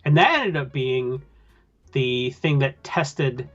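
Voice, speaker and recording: A man's voice: medium pitch, lively intonation, slow, fairly bright tone, dull audio. A man chatting casually about a film as a podcast host, rambling with lots of filler. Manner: rambling, loose with filler words. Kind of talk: casual chat.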